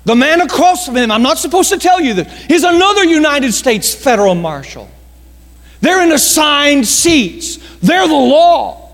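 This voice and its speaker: A man voicing a female flight attendant who confides in a passenger, speaking slowly and emphatically. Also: high voice, very animated, long reverb tail, voice pushed up. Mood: confiding.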